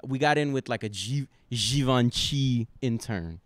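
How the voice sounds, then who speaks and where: A man guesting on a comedy podcast, telling stories in a rambling, deadpan way. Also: medium pitch, a little slow, dry recording. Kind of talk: casual comedy podcast banter.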